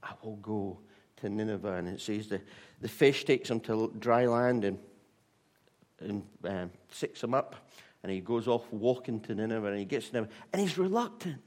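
A man preaching a sermon, telling a Bible story in a lively way with restarts and fillers. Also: lowish voice, normal speed.

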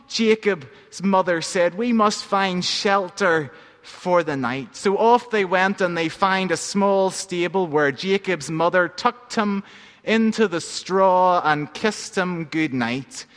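A pastor telling a gentle story in a sermon, letting line endings fall soft. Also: male voice, sits high, a little slow, long reverb tail.

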